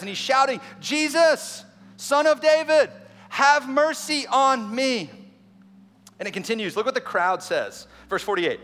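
A man preaching an Easter sermon as a pastor, energetic and conversational, with quick asides and acted-out quotes. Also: extremely high pitch. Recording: long reverb in a large hall with faint music.

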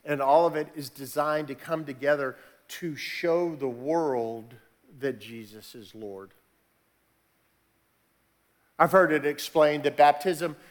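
Man, pastor, sermon, slightly high voice, conversational asides, builds to fervent emphasis. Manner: builds from quiet, measured teaching to raised, emphatic preaching.

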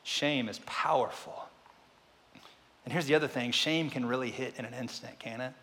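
Male pastor, mid-pitched, preaching with hushed-to-loud swings and repeated rhetorical questions, long hall reverb. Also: moderate pace. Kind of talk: sermon.

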